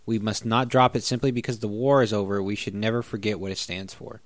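A man co-hosting a casual podcast, speaking quietly and hesitantly and reading bits of information aloud. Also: on the low side, flat delivery, quick pace, no echo. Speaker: podcast co-host.

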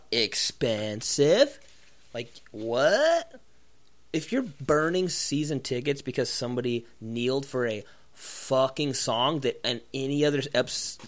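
A man co-hosting a casual podcast, ranting in a profane, mocking way and acting out other people's voices. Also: medium pitch. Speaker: podcast co-host. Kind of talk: profane comedic rant.

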